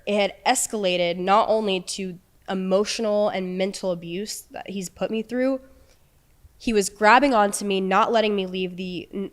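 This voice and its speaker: Earnest young woman telling her story. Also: mid-range voice. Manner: earnest, halting, many fillers and restarts. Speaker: podcast guest. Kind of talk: personal storytelling in conversation.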